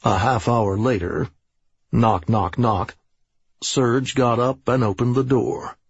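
A man narrating an audiobook in a steady, deliberate way. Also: medium pitch, husky, no room sound. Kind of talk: scripted narration. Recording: slightly dull, dry audio.

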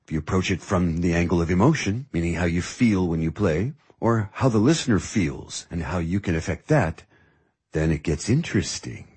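A man playing a calm, wry music teacher. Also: sits low, slightly rough, heavily acted. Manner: patient, teasing, measured. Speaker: music mentor. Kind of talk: audiobook dialogue.

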